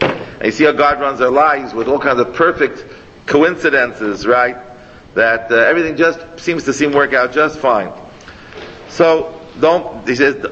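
Rambling rabbi in an echoey hall. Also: male voice, mid-range voice. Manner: animated, rambling, mixes Hebrew and Yiddish words. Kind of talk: Torah class. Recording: long hall echo, dull lo-fi, faint noise.

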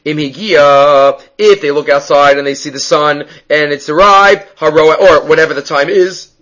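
A man's voice: on the high side, moderate pace, a bit bright, dull audio. A man teaching a Mishnah class, explaining each phrase step by step and mixing Hebrew terms into his English, often thinking aloud as he goes. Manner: thinks aloud with frequent fillers and restarts. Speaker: Torah teacher.

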